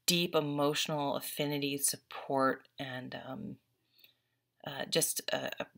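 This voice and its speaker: Low-voiced woman giving an earnest tarot reading. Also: fairly even intonation, measured pace, gravelly, fairly bright tone. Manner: earnest, openly emotional. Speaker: tarot reader. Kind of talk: casual spoken tarot reading.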